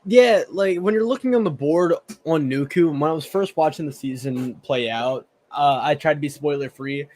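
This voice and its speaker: Southern guy recapping a show on a podcast, kinda high voice, restarts his sentences a lot. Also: moderate pace, few pauses, a little mellow. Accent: Southern American. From American South. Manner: chatty, repeats words when starting sentences. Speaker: podcast co-host. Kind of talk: casual chat.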